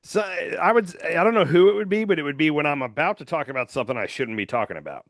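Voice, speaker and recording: A man hosting a podcast, chatting casually about politics in an animated, joking way, often trailing off quietly at the end of a thought. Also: on the high side, quick pace, gravelly, no room sound, studio quality. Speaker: podcast host.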